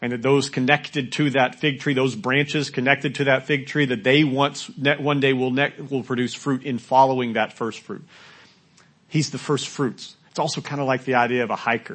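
A man preaching a sermon in a conversational way, asking the congregation questions and at times rising to loud, shouted quotes. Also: mid-range voice. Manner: rises to loud shouting when acting out quotes. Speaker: pastor.

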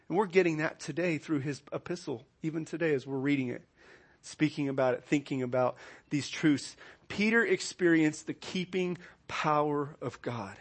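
A man delivers a sermon as the pastor of his congregation, his voice sitting high for a man. He moves between hushed, low-key asides and loud, ringing declarations, leaning hard into the points he stresses. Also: normal speed.

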